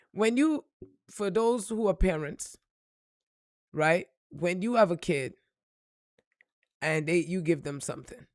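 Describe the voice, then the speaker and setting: A woman's voice: lowish voice, no room sound. Woman preaching self-worth, blunt and swears a lot, asks lots of questions, dry close sound. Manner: emphatic and preachy, blunt and profane, with rhetorical questions. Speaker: spiritual reader and motivational speaker. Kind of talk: motivational spiritual monologue.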